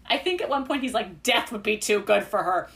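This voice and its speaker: A woman co-hosting a casual book-club podcast, gushing and excitable as she talks through favorite moments. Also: mid-range voice, fairly quick. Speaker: podcast co-host.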